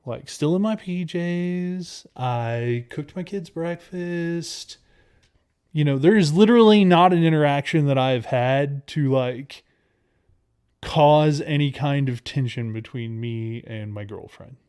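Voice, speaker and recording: A man's voice: a little high, slow, a little mellow, smooth. A man co-hosting a casual podcast, telling a story in a rambling way with lots of fillers and restarts. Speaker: podcast co-host.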